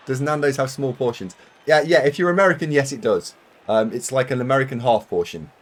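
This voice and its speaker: A man's voice: mid-range voice, normal speed. A British man chatting casually to his viewers while streaming a game, rambling and self-mocking with frequent laughs. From United Kingdom. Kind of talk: live-stream chat while gaming.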